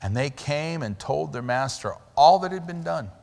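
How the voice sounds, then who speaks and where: A male pastor delivers an animated sermon with a fairly high voice and a very lively melody. He drives his points with sudden loud stresses. His voice carries a long reverb from the church hall. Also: normal speed, creaky. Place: church sanctuary.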